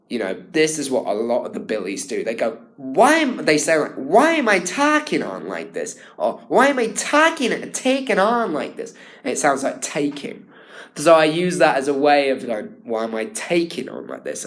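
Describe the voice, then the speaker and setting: A young man giving a rambling self-evaluation as a drama student. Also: lowish voice. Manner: rambling, full of fillers and restarts.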